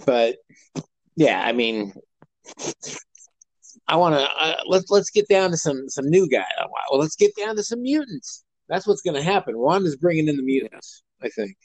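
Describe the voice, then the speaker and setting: A man's voice: a little high, very animated, moderate pace, no echo, low-quality recording. A man co-hosting a podcast, chatting casually and rambling with many fillers and restarts. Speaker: podcast co-host. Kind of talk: casual chat.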